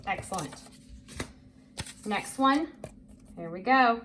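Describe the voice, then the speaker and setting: A woman teacher talks at an unhurried pace, spelling words letter by letter and praising often. Her voice sits at a middle pitch, and a faint hum lies under the recording. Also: lively intonation, fairly bright tone. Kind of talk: slow, deliberate reading lesson for children.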